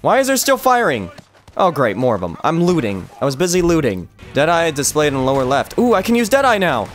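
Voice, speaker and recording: A man's voice: on the high side, fairly quick, soft background music. A young man streaming a cowboy game with a friend, giggling, joking and reading prompts aloud in casual commentary. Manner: playful, giggly, lively, reads prompts aloud. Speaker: gameplay streamer. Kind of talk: casual let's-play commentary.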